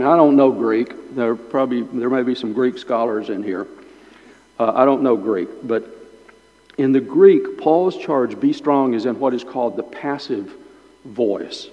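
His medium-pitched voice has lively intonation and a moderate pace as this pastor, gum in his mouth, leads a small Bible class in an informal teaching sermon. He reasons aloud and repeats words often; the audio is lo-fi and dull, with a long hall echo.

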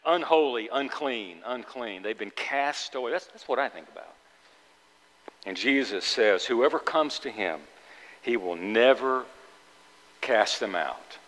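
A man's voice: medium pitch, animated, unhurried, pauses often, fairly bright tone. A middle-aged man preaching a sermon as pastor, earnest and emphatic, often repeating phrases for weight. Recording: long hall reverb.

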